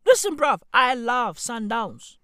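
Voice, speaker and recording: A man's voice: very high-pitched, very animated, slow, pushed and bright, clean tone, dry recording, studio quality. A man, hosting a podcast in a profane, mocking comedic rant full of rhetorical questions. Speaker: podcast host.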